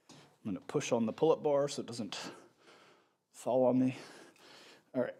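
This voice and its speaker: A man with a stuffy nose leading a live home workout, giving relaxed, encouraging instructions while he exercises in his home gym. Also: mid-range voice, moderate pace, pauses often. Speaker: fitness instructor. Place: home gym in a converted bedroom.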